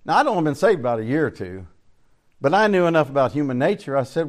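An older man teaching a Bible study as pastor, preaching in a folksy storytelling way that swings between loud emphasis and quiet asides. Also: a little high, very animated, fast talker.

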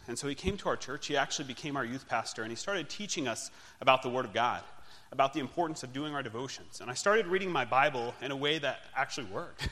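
A man's voice: medium pitch, bright, forceful tone. A young man giving a candid, self-deprecating personal testimony. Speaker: speaker giving his testimony. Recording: long hall reverb.

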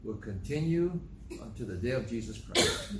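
An older man preaching a sermon in a conversational, storytelling way, acting out dialogue with sudden jumps in pitch. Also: expressive, normal speed, very noisy. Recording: echoey room.

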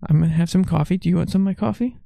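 A middle-aged man, a father, leading a morning devotion at home, gently coaxing a small child and reading scripture aloud. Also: sits high, racing, vocal fry, no echo. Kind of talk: casual devotional chat with Bible reading.

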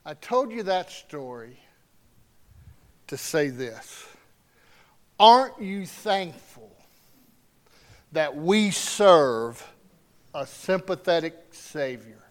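High-voiced preacher, slow and smooth. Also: male voice, sing-song. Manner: quiet storytelling building to loud preaching. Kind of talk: sermon with storytelling.

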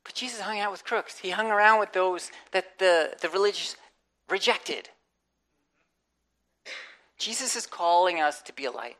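At a moderate pace with frequent pauses, a woman pastor with a lowish voice gives a conversational sermon. She acts out quotes and inner voices with animation, adding humorous asides.

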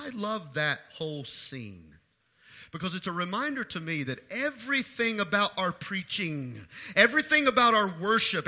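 A man's voice: high-pitched, sharp tone. A man pastor preaching a sermon with emphatic delivery, repeating phrases for stress.

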